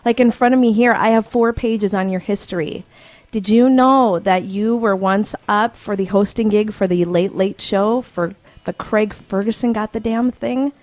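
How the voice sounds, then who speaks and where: A woman's voice: medium pitch, moderate pace, a little mellow, no echo. Bubbly woman radio host, dry sound. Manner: bubbly, laughing often. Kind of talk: casual radio interview.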